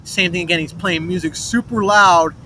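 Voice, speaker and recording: Brief: young man, slightly high voice, rambling swearing storyteller, outdoor traffic noise. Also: steady tone, normal speed, bright, forceful tone. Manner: rambling, restarts, swears, mimics others' voices in quotes. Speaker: vlogger telling a personal story. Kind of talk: rambling first-person storytelling. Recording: noisy street, traffic behind.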